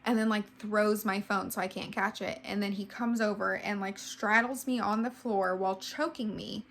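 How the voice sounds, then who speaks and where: A woman's voice: medium pitch, steady tone, moderate pace, creaky, a little hiss or hum. A woman in her twenties giving a casual storytime vlog, emotional and full of "like". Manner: heavy use of "like", emotional retelling. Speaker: vlogger.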